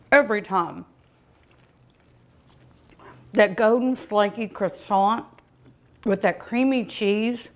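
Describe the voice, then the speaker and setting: A woman with a fairly high voice hosts a cooking show, tasting dishes and commenting casually. She savors every bite with happy hums and exclamations.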